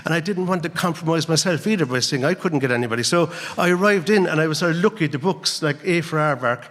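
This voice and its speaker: An Irish man, an author and guest lecturer, tells a story to an audience in a lecture hall in an animated way, full of "right?" and "like.". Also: a little high, fast talker. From Ireland. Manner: animated, acts out dialogue, frequent "right?" and "like" tags. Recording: reverberant hall.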